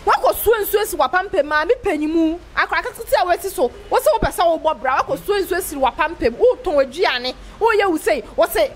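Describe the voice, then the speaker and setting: A woman's voice: very high voice, animated, normal speed, hardly any pauses. A woman, a church member giving a street interview, who talks emphatically and keeps repeating her key phrases.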